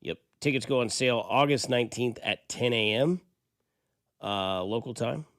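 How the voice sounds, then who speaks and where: A man hosting a sports talk radio show, chatting casually and getting animated as he argues a point. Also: mid-range voice, moderate pace, no echo, studio quality. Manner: conversational, animated when imitating a yelling dad. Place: radio studio. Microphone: studio microphone.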